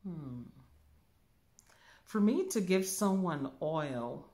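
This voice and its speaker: A woman spiritual teacher giving a calm demonstration, musing aloud and humming softly as she thinks. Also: deep voice. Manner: slow, musing, thinks aloud with soft hums.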